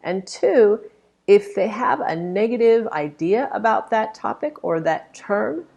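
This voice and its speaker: Husky woman coaching on public speaking. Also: mid-range voice, expressive, measured pace, darkish tone. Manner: explanatory, emphatic, gestures with voice to demonstrate. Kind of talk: speech critique commentary.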